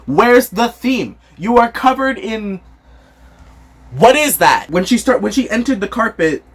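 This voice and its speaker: Animated, husky-voiced fashion vlogger. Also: medium pitch, unhurried. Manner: animated, jokey, rambling and self-mocking. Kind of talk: casual reaction commentary.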